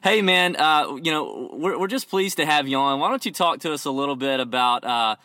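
A man's voice: on the high side, a little fast, bright, forceful tone, no echo. Easygoing male golf podcast host. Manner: friendly, joking, lots of fillers. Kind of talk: casual podcast chat.

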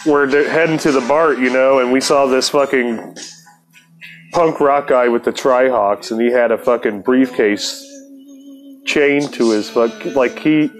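A man's voice: medium pitch, unhurried, faint music behind. A man telling a story from his past in a casual, laid-back way, cursing freely and laughing often.

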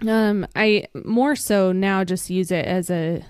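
A woman co-hosting a recovery podcast, speaking frankly and relaxed, with occasional laughter. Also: mid-range voice, takes it slowly, clean tone, no room sound, studio quality. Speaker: podcast co-host. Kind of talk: casual recovery podcast talk.

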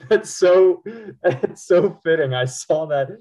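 A man's voice: fairly high pitch, slow pace, dark tone. A man co-hosting a sports podcast, chatting casually, rambling and laughing often. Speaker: podcast co-host.

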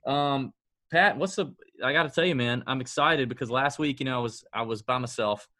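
A man's voice: medium pitch, brisk, sharp tone, dry recording. A man hosting a casual sports-betting podcast, joking and self-mocking as he chats with his co-host.

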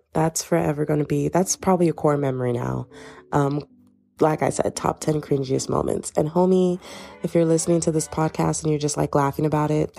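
A woman's voice: deep voice, gravelly, warm tone. A young woman hosting a casual solo podcast from home, rambling through a dramatic story in slangy speech. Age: young adult. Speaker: podcast host. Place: home, bedroom.

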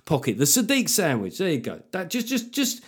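A man's voice: on the high side, huge pitch swings, brisk, slightly rough. A man hosting his own comedy podcast in a sardonic, profane, rambling solo monologue.

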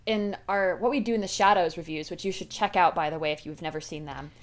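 A young woman co-hosting a podcast, chatting casually, animated and quick to laugh. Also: fairly low pitch. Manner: animated, laughs often, riffs on jokes. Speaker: podcast co-host. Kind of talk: casual chat.

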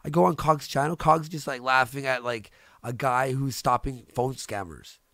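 A man's voice: medium pitch, normal speed, sharp tone, no echo, studio quality. A man, a streamer hosting the show, ranting in heated casual chat, profane and repeating himself. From Canada. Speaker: streamer host.

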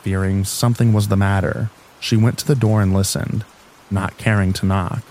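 Male narrator, low and mellow, calm measured reading. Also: slight background noise, rough recording. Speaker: audiobook narrator. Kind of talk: scripted narration of a classic novel.

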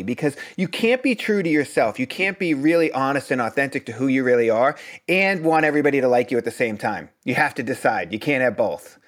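A man's voice: mid-range voice, a bit bright. A man from Boston, a breathwork instructor, talking bluntly and earnestly in a conversational interview. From Boston, US East Coast.

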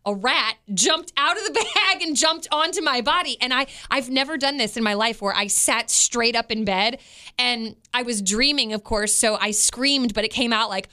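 A woman in her thirties co-hosting a podcast, telling stories in an animated way and laughing often. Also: a little high, normal speed. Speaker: radio co-host. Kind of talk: casual podcast chat.

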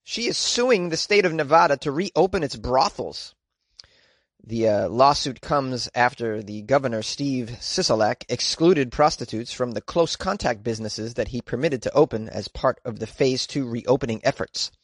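A male comedian reads odd news stories and keeps breaking off to mock the wording. His voice sits at a middling pitch, and the recording is dry and close with no room sound. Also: expressive, normal speed, no echo. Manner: wry, sarcastic asides. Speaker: comedian podcast host.

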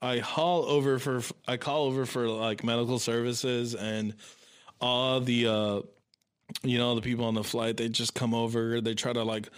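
A man in casual conversation, recounting events with lots of swearing. He is animated and lively, often acting out other people's voices. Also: mid-range voice, moderate pace, clear, resonant tone. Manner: animated, profane, acts out voices in his story. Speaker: storyteller. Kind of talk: casual chat.

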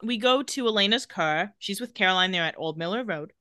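A woman's voice: mid-range voice, expressive, a little fast, bright, forceful tone, dry recording, studio quality. A woman co-hosting a podcast, retelling a TV episode scene by scene in casual chat, laughing often. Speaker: podcast co-host recapping a TV episode.

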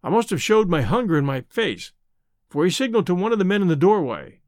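A man narrating a classic adventure novel in the first person, with measured storytelling. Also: high voice, sing-song, no echo, clean studio sound. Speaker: audiobook narrator.

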